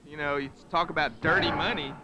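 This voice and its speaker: A man's voice: fairly high pitch, steady tone, brisk, background noise. A man calling wrestling play-by-play in an earnest, righteous manner. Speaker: play-by-play commentator. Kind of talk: wrestling commentary.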